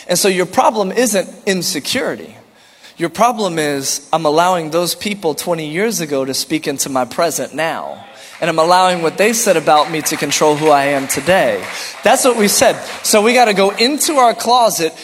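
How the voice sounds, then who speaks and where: A man's voice: high-pitched, big-room sound. A man preaching a sermon as pastor, earnest and repetitive, asking rhetorical questions and slipping in light jokes.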